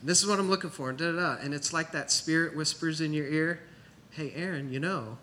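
Male preacher, storytelling testimony, tense bright tone, slightly high. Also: quick pace, a little hiss or hum. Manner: storytelling, conversational, quotes others. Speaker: church planter pastor. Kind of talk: sermon testimony.

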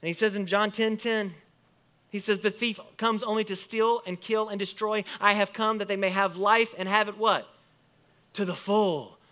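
A male pastor preaching to his congregation with a bright, forceful tone and a slightly high voice. He moves between quiet, close remarks and strong emphatic lines as he quotes and explains scripture. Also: moderate pace. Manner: animated preaching, rising and falling emphasis, quoting scripture. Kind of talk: sermon.

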